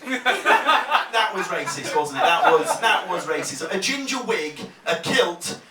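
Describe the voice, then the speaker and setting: A man from Leeds compering a live comedy night, bantering and laughing as he swings between mutters and shouts. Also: high-pitched, very animated, slow pace, over a noisy crowd. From Leeds, England. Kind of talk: live stand-up crowd work. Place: comedy club stage. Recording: echoey club, distant mic, loud noise.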